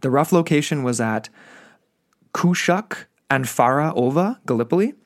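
A man's voice: a little high, expressive, moderate pace. A young adult man co-hosting a casual history podcast, laid-back and full of "like" and "you know", given to exclamations. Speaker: podcast co-host.

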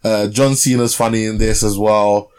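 A man's voice: lowish voice, steady tone, normal speed, darkish tone, smooth. A young man co-hosting a podcast, chatting casually about a film with lots of fillers and tag questions. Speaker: podcast co-host. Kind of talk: casual film review chat.

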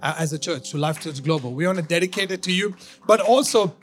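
A male pastor preaching a sermon to his church, excited and laughing, with many fillers and restarts. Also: a little high, fast, soft background music.

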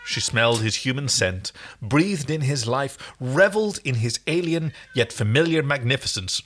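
A man's voice: medium pitch, lively intonation, moderate pace, fairly bright tone, slight background noise. A man co-hosting a casual chat, reading fiction aloud with wry, teasing asides. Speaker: podcast co-host reading fan fiction.

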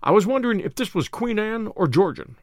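Sherlock Holmes, as a man voices him, calm and shrewd. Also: high-pitched, brisk, no room sound, clean studio sound, pitched above the performer's own voice. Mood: courteous. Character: calm, shrewd male detective, courteous.

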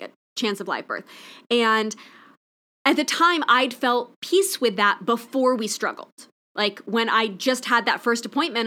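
A woman's voice: fairly high pitch, pushed and bright. A woman hosting a podcast, speaking candidly and emotionally in a reflective personal monologue. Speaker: podcast host.

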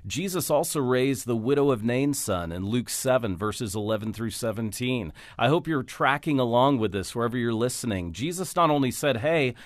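A man's voice: mid-range voice, animated, moderate pace, hardly any pauses, dry recording, clean studio sound. A man speaking as a radio guest, praying and teaching about scripture with fervent emphasis. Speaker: guest, Bible scholar.

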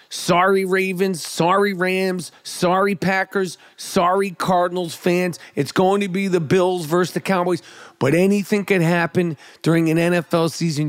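This high-voiced male sports commentator launches into a loud, swearing, pumped-up tirade about his fantasy team and the weekend's football, repeating himself as he goes. The recording is studio quality with no echo.

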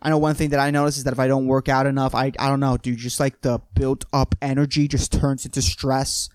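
A man's voice: mid-range voice, level tone, fairly quick, a little mellow, clean tone, no echo, studio quality. A young man hosting a solo podcast monologue, rambling and swearing, saying "dude" constantly and laughing at his own jokes. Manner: rambling and profane, peppers every sentence with "dude". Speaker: podcast host.

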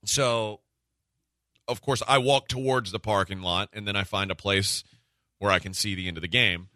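A man hosting a sports radio show, telling a story in casual chat, animated and acting out the quotes with frequent laughs. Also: lowish voice, moderate pace, no room sound, studio quality. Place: radio studio.

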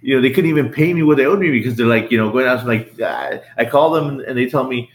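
A middle-aged man, a business owner, telling his story as a podcast guest in a lively, casual way, often repeating words and acting out what people said. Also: fast. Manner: animated, repeats words, acts out quotes in a higher voice. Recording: roomy echo.

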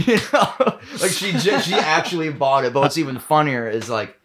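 A young man in casual chat, telling a story loudly and breaking into shouts and laughter. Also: a little high, sing-song, normal speed, a little hiss or hum. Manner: loud, bursts into shouts and laughter. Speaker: guest band member.

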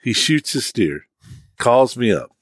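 A man's voice: mid-range voice, sing-song, takes it slowly, no echo, clean studio sound. An American man chatting casually on a podcast, chiming in and laughing along with the story. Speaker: podcast co-host. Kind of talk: casual chat.

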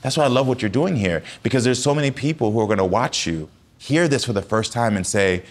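A man's voice: mid-range voice, animated, fast talker. A man as a talk show guest, speaking earnestly and from the heart about his own life. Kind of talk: candid personal conversation.

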